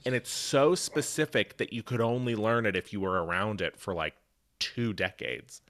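A man co-hosting a podcast in casual chat, expressive and quick to laugh. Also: on the low side. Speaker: podcast co-host.

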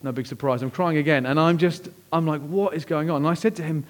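A man preaching a sermon, telling a personal story with lively swings between hushed, slow moments and excited outbursts. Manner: animated, acts out quoted voices with big pitch jumps; drops to hushed, slow tones at emotional moments. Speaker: pastor.

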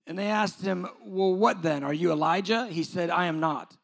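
High-voiced pastor preaching a sermon. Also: male voice, moderate pace, gravelly. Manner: preaching with rising intensity and emphatic questions; conversational asides with filler words.

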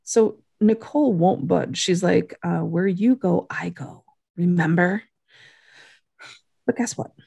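A woman's voice: on the low side, takes it slowly, creaky, pauses often, warm tone, husky, no echo. A woman chatting casually as a podcast co-host, laid-back with jokey asides. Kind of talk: casual chat recapping a TV episode.

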